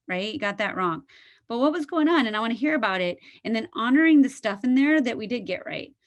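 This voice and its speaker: A middle-aged American woman, a psychologist, giving a webinar lecture over a video call, talking with lively storytelling, many "um"s and "like"s, and some laughter. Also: a little high, brisk. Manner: animated storytelling with frequent "like" and "um", laughs.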